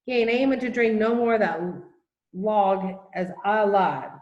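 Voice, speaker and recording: A woman voicing a tiny, angry and weepy adult male cowboy with a gruff Texas drawl, in an echoey room. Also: mid-range voice, a little slow, muffled recording, natural voice. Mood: furious. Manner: gruff drawling, shouting and self-pitying.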